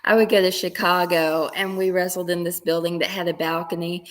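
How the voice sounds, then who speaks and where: A woman's voice: fairly low pitch, little pitch movement, brisk. A woman with a Kentucky accent, a guest chatting openly and laughing easily in an interview. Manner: open, laughs often. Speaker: guest, former wrestler. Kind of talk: casual interview chat.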